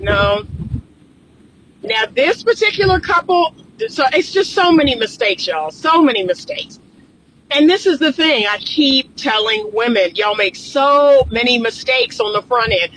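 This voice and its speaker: A woman's voice: a little high, lively intonation, a little slow, fairly bright tone, a little hiss or hum, poor audio. A woman relationship coach giving reaction commentary, emphatic and lecturing, repeating her points.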